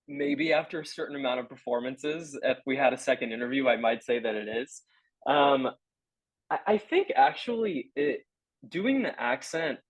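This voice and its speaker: A young man answers interview questions in an earnest, halting way, often stopping to search for the right words. His voice sits in a middle register. The sound is dry and close, with no room echo. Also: medium pitch. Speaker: stage actor guest.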